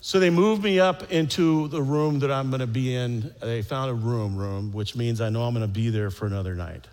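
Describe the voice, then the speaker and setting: A man's voice: medium pitch, normal speed, a little mellow, in a large hall. A middle-aged American man telling a stand-up story. He rambles, mocks himself, repeats his phrases and acts out the sounds. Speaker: stand-up comedian.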